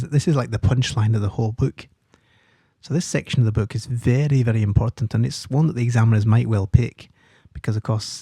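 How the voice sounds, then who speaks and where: A male teacher talks through a set text in an explanatory way, stopping to spell out key terms letter by letter. His voice is very dark and gravelly with a husky edge. The recording is dry and close, with no room sound. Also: mid-range voice, no room sound. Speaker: literature teacher. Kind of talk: study-guide podcast explanation.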